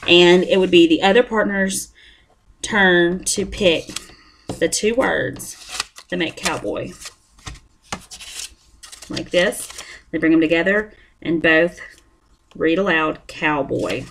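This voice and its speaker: A woman's voice: on the low side, slow pace, pauses often, fairly bright tone, slight background noise. A young woman demonstrates a lesson plan step by step, often apologizing as she goes. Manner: apologetic, chatty, explains step by step. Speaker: student teacher presenting a lesson plan.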